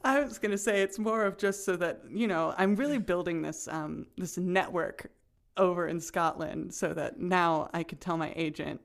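A woman's voice: fairly low pitch, normal speed, creaky, few pauses. Playful woman podcast co-host. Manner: playful, self-mocking, laughs often. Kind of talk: casual chat.

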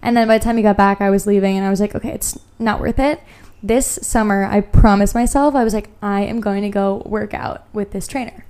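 A woman's voice: mid-range voice, fairly even intonation, fairly quick, darkish tone, smooth. A young woman hosting her podcast, chatting casually and gushing, with lots of "like" fillers. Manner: chatty and gushing, heavy use of "like". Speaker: podcast host. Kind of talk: casual solo podcast chat.

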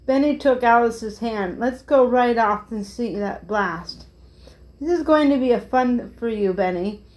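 A woman reads a children's chapter book aloud in a slightly high voice. She keeps the narration gentle and plain, giving each character only a light touch of a voice. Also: unhurried, poor audio. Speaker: storyteller.

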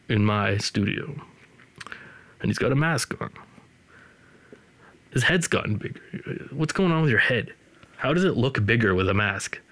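A man's voice: fairly low pitch, fairly bright tone. A man hosting a podcast from his studio, rambling loosely and teasing his co-host in casual chat.

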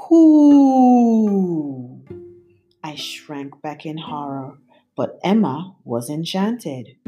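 A woman reading a picture book aloud in an expressive storytelling style. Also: low-pitched. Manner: expressive, slow and lively.

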